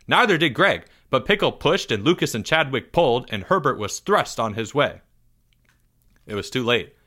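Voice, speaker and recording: Bright-voiced male storyteller. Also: medium pitch. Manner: expressive, drops softer for suspense. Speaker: narrator. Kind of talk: storybook reading aloud.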